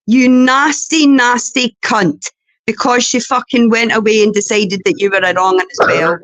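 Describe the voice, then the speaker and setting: A woman's voice: fairly high pitch, fairly even intonation, moderate pace, a bit bright, no echo. A Scottish woman on a livestream panel, talking bluntly and swearing heavily. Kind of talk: heated livestream chat.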